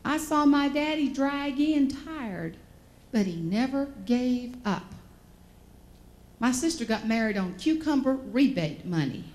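A woman from the American South, telling folksy, animated stories as a motivational speaker and acting out the voices in them. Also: sits high, slow, a little hiss or hum. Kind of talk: storytelling keynote speech.

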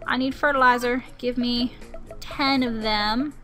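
High bright-voiced young woman gaming. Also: fairly even intonation, measured pace, soft background music. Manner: chatty, sings to herself, turns exasperated and grumbling. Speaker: gaming channel host. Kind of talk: let's play commentary.

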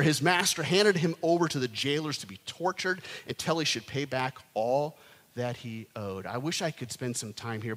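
Man, pastor, middle-aged, sermon, animated, long church reverb. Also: on the high side. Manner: animated, rising to loud emphatic peaks. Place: church sanctuary.

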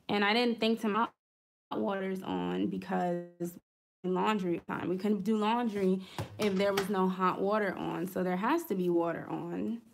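Her mid-range voice is gravelly but steady, moving at normal speed. This woman vlogger rambles through a casual story as she decorates a planner, dropping fillers and small asides along the way.

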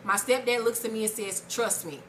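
Casting note: upbeat woman advice co-host, bright high-ish voice, loud and swearing freely. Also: a little fast, slight background noise. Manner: animated, profane, exclamatory. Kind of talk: casual advice chat, reading a viewer letter.

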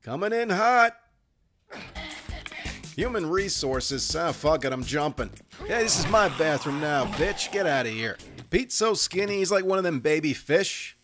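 Cursing, joking gamer man with a slightly high voice, game music playing underneath. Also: expressive, normal speed. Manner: profane, wisecracking, jokey asides. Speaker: gaming commentator. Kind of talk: joking gameplay commentary.

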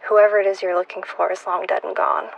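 A woman voicing a shaken, frightened man who speaks quietly and haltingly. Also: mid-range voice, level tone, vocal fry, muffled recording, slight background noise, natural voice. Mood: grim.

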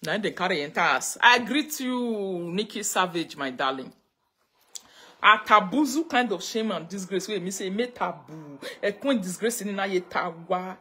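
Husky Nigerian woman chatting on a live stream. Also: medium pitch, animated, moderate pace, pushed and bright. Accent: Nigerian Pidgin English. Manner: chatty, switches into chanted prayer lines. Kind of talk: casual live-stream chat greeting viewers.

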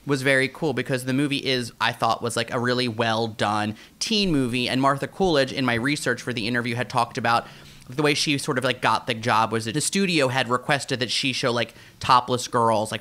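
A man co-hosting a podcast, riffing in an animated way with many fillers. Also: medium pitch, a little fast. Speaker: podcast co-host. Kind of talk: casual podcast chat.

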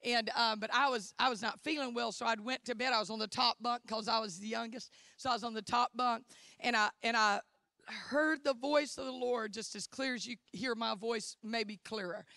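Bright high woman preaching. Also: fairly even intonation, moderate pace, no echo, clean studio sound. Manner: fervent, exclaiming hallelujah and amen. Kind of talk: sermon testimony. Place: church.

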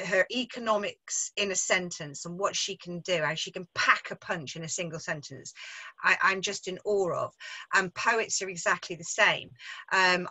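Chatty bright-voiced English Midlands woman. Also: mid-range voice, rough recording. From England. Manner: chatty, self-deprecating, restarts often, laughs easily. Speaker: author in conversation. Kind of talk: casual literary discussion.

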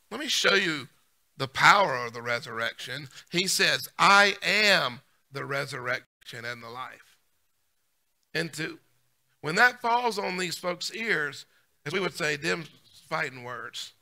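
Man, pastor, sermon, very bright forceful tone, fairly high voice, emphatic repetition. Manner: emphatic, repeats key lines, swings from loud punch to soft aside.

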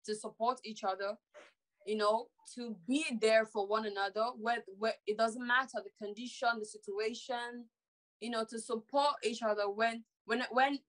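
A woman's voice: fairly high pitch, fairly even intonation, normal speed, fairly bright tone, rough recording. Hesitant young woman from Sierra Leone. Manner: hesitant, many fillers and restarts. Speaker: reality show applicant. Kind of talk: audition interview.

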